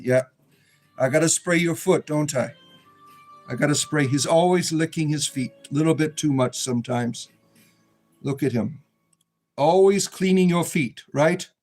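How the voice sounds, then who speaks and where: A man hosting a casual livestream from a room at home, rambling and coaxing his pets in a soft doting tone, recorded on a phone. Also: fairly high pitch, low-quality recording. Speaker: livestream host.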